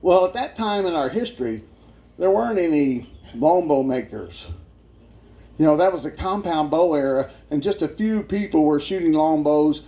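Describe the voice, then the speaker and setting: Lively high-voiced man telling a funny story. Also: moderate pace, lo-fi sound. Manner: animated storyteller, laughing often. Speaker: guest speaker giving his testimony. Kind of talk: humorous life-story testimony.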